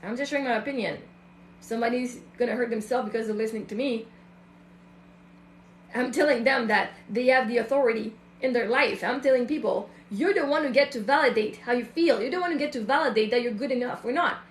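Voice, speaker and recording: Woman coach ranting to her followers, high pitched, echoey room. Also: a little fast, slight background noise. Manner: emphatic, acts out other people's voices. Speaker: self-love and mindset coach. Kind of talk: casual monologue to an online audience.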